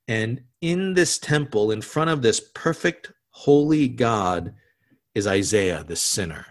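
A male pastor delivers a sermon in a mid-pitched voice, talking conversationally with frequent restarts and asides. He lowers his voice to a hush on solemn words, then lifts it again. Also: lively intonation, slow.

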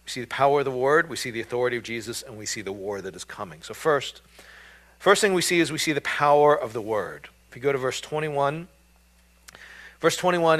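A man delivers a sermon in a casual, conversational way. His voice sits at an ordinary middle pitch, and he fills pauses with frequent ums and uhs, sometimes joking at his own expense. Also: animated, fairly bright tone. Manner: conversational, self-deprecating, with frequent fillers. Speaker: pastor.

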